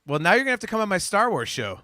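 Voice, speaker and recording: Animated, bright-voiced man hosting. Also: high-pitched, rapid-fire, dry recording, clean studio sound. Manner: animated, teasing and laughing. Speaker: podcast host. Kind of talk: casual chat.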